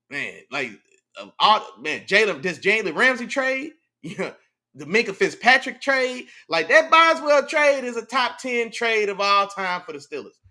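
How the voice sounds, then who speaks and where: A man hosting a casual sports talk show, animated and slangy, reacting to his live chat and breaking down plays. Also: sits high. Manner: animated, slangy, repeats "you know what I'm saying". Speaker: podcast host.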